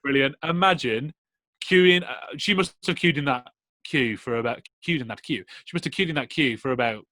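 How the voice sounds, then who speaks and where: A young man in his twenties with a bright, forceful voice and a mid-range pitch, co-hosting a casual chat podcast. He tells his stories in a lively, animated way. The sound is dry and close. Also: moderate pace, dry recording. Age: 20s. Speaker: podcast co-host.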